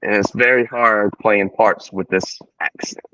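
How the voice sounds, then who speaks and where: A man in his forties from Tennessee with a Southern country accent, chatting relaxed as a podcast guest and laughing easily. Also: fairly low pitch, a little slow, no room sound. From Tennessee, USA. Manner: relaxed drawl, laughs easily, rambling storyteller. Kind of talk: casual podcast chat. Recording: dull, lo-fi, dry sound.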